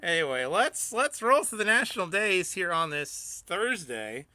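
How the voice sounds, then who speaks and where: Lively jokey male radio host. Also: sits high, measured pace, dry recording. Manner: jokey, animated, reads out national days. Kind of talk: casual on-air banter.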